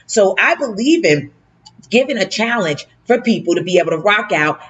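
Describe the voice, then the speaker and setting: Energetic woman host, slangy, hype delivery, mid-pitched. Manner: hyped, slangy, fast-talking. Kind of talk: casual hosted talk show.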